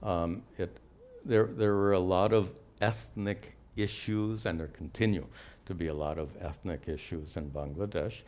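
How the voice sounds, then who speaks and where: A man's voice: low-pitched, steady tone, unhurried, a little mellow. An older man, a spiritual teacher, answering questions in a live teaching session in a patient, explanatory way with light humor.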